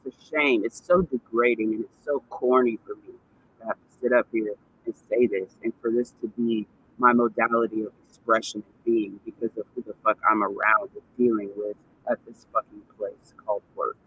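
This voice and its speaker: A man's voice: fairly low pitch, fairly even intonation, normal speed, phone-quality sound, slight background noise. A man ranting on a vlog, cursing and repeating himself in indignant bursts. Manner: profane, indignant, repetitive ranting. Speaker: vlogger.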